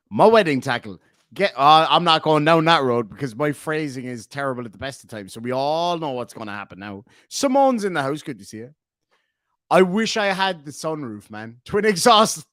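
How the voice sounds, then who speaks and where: A man's voice: a little high, no echo, clean studio sound. A man in his forties, from Ireland, casually chatting on a livestream, reading out chat and joking with plenty of swearing. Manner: animated, swearing, joking asides. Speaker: streamer reading live chat.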